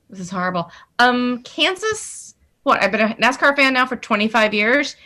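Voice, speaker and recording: A woman guest on a casual podcast who talks in an animated, self-deprecating way. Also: a little high, moderate pace. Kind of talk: casual chat.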